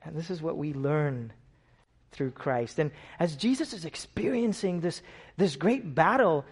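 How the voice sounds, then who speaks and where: A middle-aged man from India preaching a sermon, swinging from hushed, slow lines to loud, emphatic peaks. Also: a little high, animated, slightly rough.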